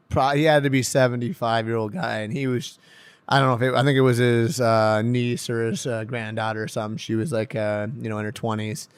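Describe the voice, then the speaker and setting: Animated, laughing young man. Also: medium pitch, smooth. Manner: animated storyteller who laughs often and gets loud when excited. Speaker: pro hockey defenseman guest. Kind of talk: casual podcast interview.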